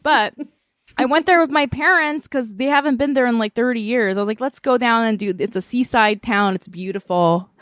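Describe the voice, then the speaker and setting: A woman's voice: a little high, moderate pace, fairly bright tone, dry recording. A woman comedian chatting casually on a podcast, rambling and profane, laughing often. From Korea. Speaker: guest comedian.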